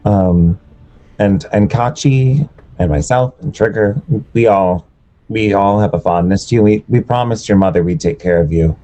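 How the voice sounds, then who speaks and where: A man's voice: lowish voice, moderate pace, mellow. A man playing in a tabletop game, speaking in character earnestly, with stammered starts. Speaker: player. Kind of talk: in-character tabletop role-play.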